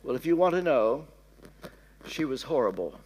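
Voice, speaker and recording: An older man with a Kentucky accent preaching a sermon, telling a story and sinking to hushed tones when quoting his prayers. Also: mid-range voice, big pitch swings, normal speed, noisy background. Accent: Southern American, Kentucky. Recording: reverberant hall.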